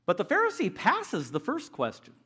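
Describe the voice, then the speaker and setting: Man, sermon, high voice, very animated delivery, emphatic. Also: normal speed, slightly rough. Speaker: preacher.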